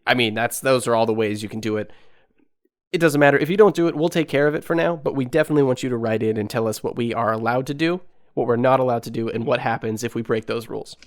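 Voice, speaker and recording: A man's voice: mid-range voice, quick pace. A young man co-hosting a podcast, chatting casually and joking as he explains things at length. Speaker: podcast co-host. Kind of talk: casual chat.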